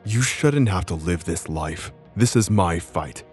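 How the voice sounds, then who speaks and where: A man's voice: expressive, a little slow, darkish tone, faint music behind. A man voicing a grim, weary father. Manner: low, heavy, resolute.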